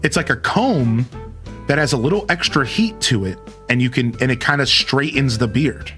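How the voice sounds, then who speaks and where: A young male live streamer chats casually on his mic at a medium pitch and moderate pace, chill yet animated, his dynamic voice peaking and dropping. He's laid-back and says "like" and "dude" a lot, with soft guitar in the background. The studio mic has an equalizer and cutoff.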